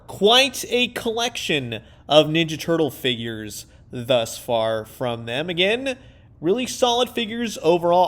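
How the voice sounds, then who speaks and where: A man chatting enthusiastically to viewers in a casual toy review vlog. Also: a little high.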